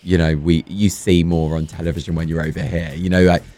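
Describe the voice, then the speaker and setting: A man, a drag performer chatting as a guest, camp and animated, his voice going hoarse. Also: sits low, a little fast, soft background music. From London. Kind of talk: casual chat.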